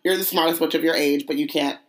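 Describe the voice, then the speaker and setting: A woman's voice: low-pitched, fairly even intonation, quick pace. Playful woman reading aloud between jokes. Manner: playful, breaks into loud hammy voices. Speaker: podcast co-host reading aloud. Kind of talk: casual chat with read-aloud passages.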